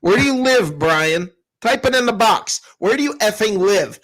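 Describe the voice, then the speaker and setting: A man with a fairly high voice co-hosts a sports talk show. He rants in a sarcastic, animated way and slips into mocking impressions of smug fans. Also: moderate pace. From Tampa. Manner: animated, sarcastic, mocks others in a calm put-on voice. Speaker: co-host.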